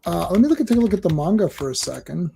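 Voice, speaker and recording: Laid-back man, high mellow voice. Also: very animated, racing, creaky, slight background noise. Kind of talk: casual chat.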